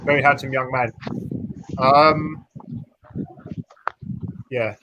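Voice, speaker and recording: A man's voice: mid-range voice, fairly even intonation, drawn-out words. A man calling into a casual live chat, joking and rambling, often restarting his words. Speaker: caller. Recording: noisy call audio.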